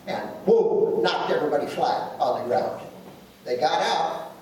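A man's voice: a little high, expressive, measured pace, a little mellow. A man preaching a sermon as pastor, telling folksy stories and making emphatic declarations. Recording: echoey room from far off with faint noise.

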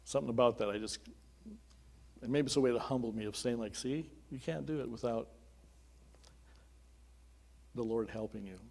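Middle-aged man, pastor giving a sermon as testimony; conversational, earnest, dark mellow tone. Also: medium pitch, moderate pace, vocal fry, pauses often. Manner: earnest and conversational, with chuckling asides.

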